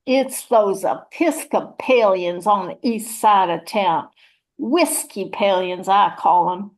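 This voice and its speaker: A woman's voice: medium pitch, slow pace, close to an everyday voice. A woman voicing a chatty, churchgoing rural mama, rambling in a folksy, motherly way. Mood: chatty, gossipy. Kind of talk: one-woman audio play reading.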